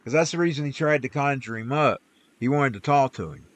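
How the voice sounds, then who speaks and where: Here the man speaks a little fast in a mid-range voice. He's streaming a game and chatting loosely, wandering into folksy talk about scripture and faith with preachy side comments.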